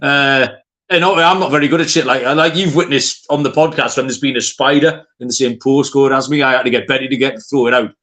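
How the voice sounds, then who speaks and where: A man's voice: mid-range voice, steady tone, fairly quick, fairly bright tone. A man hosting a podcast in casual chat. He is jokey, laughs easily and rambles into asides. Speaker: podcast host.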